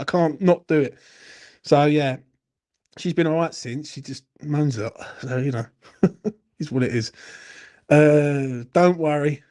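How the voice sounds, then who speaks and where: Late at night, a young football channel host fields questions in a casual live chat, his voice fairly high and a little mellow. Plenty of swearing comes through, along with teasing aimed at the viewers.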